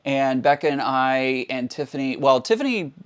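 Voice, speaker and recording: A man's voice: mid-range voice, animated, normal speed, clean tone. A man co-hosting a casual live stream from a home sewing studio, easygoing and playful, with many fillers. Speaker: co-host quilter.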